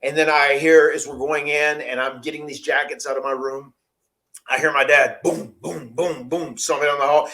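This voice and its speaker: A man's voice: a little high, steady tone, moderate pace, bright, forceful tone. Chatty man telling a story. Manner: chatty, rambling, laughs often. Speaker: podcast host. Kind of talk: casual storytelling.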